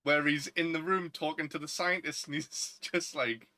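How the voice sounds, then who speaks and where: Guy, bright forceful voice, chatty film podcast, laughs a lot. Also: a little high, steady tone, normal speed. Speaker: podcast co-host. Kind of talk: casual chat.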